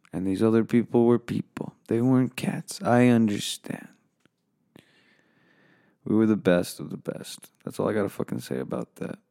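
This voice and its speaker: A man's voice: lowish voice, gravelly, warm tone, dry recording, clean studio sound. A man giving a profane comedic rant, weary and bitter, flaring into angry outbursts.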